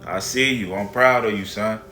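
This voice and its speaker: A boastful father with a low, drawling voice and a bright, forceful edge, as the storyteller puts him on. Soft guitar plays under him in an echoey room. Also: moderate pace. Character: proud bragging father, later humbled.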